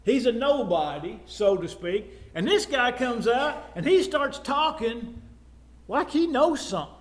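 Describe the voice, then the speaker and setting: A man's voice: extremely high pitch, sing-song, unhurried. A man with a Texan accent preaching in a conversational Bible class style, with frequent fillers and asides. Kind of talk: sermon, Bible class teaching.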